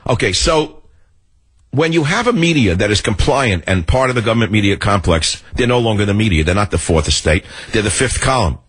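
A man's voice: lowish voice, expressive, brisk, fairly bright tone, breathy edge. A male radio talk show host delivering a combative, sarcastic monologue.

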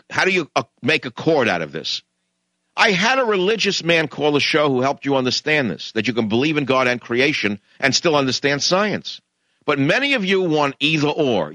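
A middle-aged man hosting a radio talk show, delivering a combative, sarcastic monologue that swings from mutters to loud, animated bursts. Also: mid-range voice, dry recording.

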